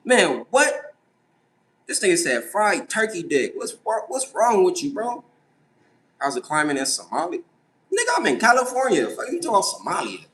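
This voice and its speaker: Animated young man livestreaming late night. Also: high-pitched, moderate pace, low-quality recording. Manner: animated, incredulous, swears freely. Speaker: livestream host. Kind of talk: casual late-night livestream, reading and answering chat.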